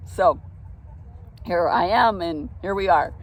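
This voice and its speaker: A middle-aged woman telling a personal faith story, outdoors in a park, earnest and reflective, with soft laughs now and then. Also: on the low side, takes it slowly.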